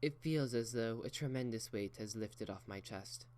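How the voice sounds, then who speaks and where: A man's voice: medium pitch, normal speed, a little mellow, natural voice. A man voicing an elegant, proper unicorn mare who speaks in a genteel, theatrical way. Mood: breezy.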